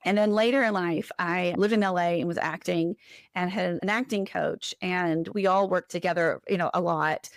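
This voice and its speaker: A woman guest on a podcast, telling a personal story in an animated, conversational way. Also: on the low side, normal speed, no room sound, studio quality. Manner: animated, acts out quoted voices.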